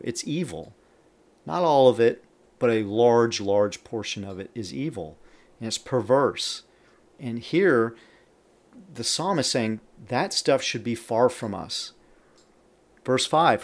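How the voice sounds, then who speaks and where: A man's voice: mid-range voice, animated, normal speed. A man giving a Bible teaching on a podcast. He reads scripture aloud with added emphasis and stops to comment between verses. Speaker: podcast preacher.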